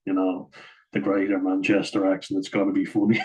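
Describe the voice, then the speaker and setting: Deep flat-voiced man breaking down rugby. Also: fairly quick, low-quality recording. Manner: chatty, says "like" often, chuckles at own asides. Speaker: rugby match analyst. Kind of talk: casual match breakdown voice-over.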